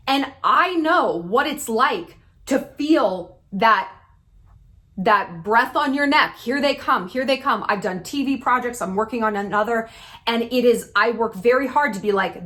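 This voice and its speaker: A woman in her thirties talks straight to her viewers about rivals and copycats, and her voice sits a little higher than most. She is blunt and emphatic, swears freely and swings her pitch up and down for emphasis. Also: expressive, a little slow, fairly bright tone. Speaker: YouTube commentator. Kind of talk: direct-to-camera advice talk.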